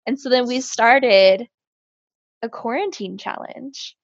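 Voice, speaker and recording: A woman's voice: a little high, slow, no room sound. A woman co-hosting a casual chat, telling a crude story with lots of laughing. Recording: dull lo-fi sound.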